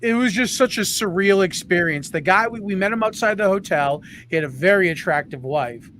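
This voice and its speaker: Male co-host, high voice, eager storyteller, faint noise behind. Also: fairly quick, a bit bright. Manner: enthusiastic anecdotes with bits of voices. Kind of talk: casual interview chat.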